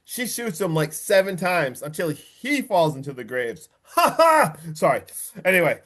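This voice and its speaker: Recapping a horror film for his casual podcast, a man with a slightly high voice grows worked up, curses liberally, and acts out quotes from the movie. His excitable retelling is peppered with quick character impressions.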